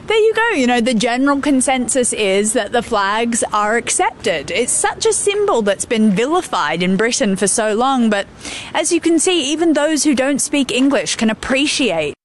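A woman's voice: on the high side, big pitch swings, moderate pace, slight background noise. A woman reporter chatting on air in a casual, talkative way, often laughing lightly as she speaks. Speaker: reporter and presenter.

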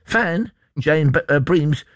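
A man's voice: fairly high pitch, animated, takes it slowly, no echo. A man co-hosting a radio show, reading stories and teasing his co-host. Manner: teasing, jokey, reads stories aloud. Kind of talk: bantering news chat.

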